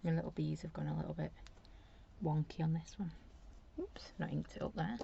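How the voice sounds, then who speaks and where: A woman's voice: deep voice, fairly even intonation, fairly quick, vocal fry, warm tone, highs cut off, slight background noise. A woman giving a chatty live craft demo at her desk at home, rambling and talking to herself as she works. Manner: rambling, talks to herself while working. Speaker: craft demonstrator.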